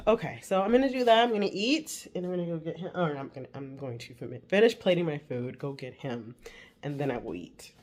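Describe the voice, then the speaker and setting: Mom in her 40s talking to a camera on the counter while making toast, low voice, faint clicks behind. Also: animated, brisk, a little mellow, slight background noise. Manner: chatty, talks while cooking. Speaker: vlogger mother. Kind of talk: casual vlog talk. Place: home kitchen. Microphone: camera set on the counter.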